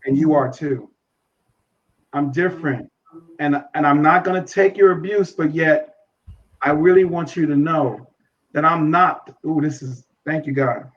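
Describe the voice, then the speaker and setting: A man's voice: a little high, measured pace, muffled recording. A man speaking earnestly as a podcast guest, repeating phrases for emphasis and acting out conversations.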